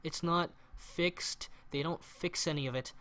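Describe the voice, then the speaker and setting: A man's voice: on the high side, steady tone, unhurried, pushed and bright. A man co-hosting a casual movie review chat, recapping the plot with sarcastic, rambling asides. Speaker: podcast co-host.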